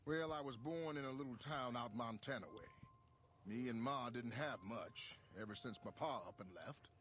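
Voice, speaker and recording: An actor playing a weary young wandering guitarist in a video game, speaking with a Texan accent and an easygoing drawl. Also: male voice, mid-range voice, moderate pace, a bit bright, a little hiss or hum, lightly acted. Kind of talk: video game character dialogue.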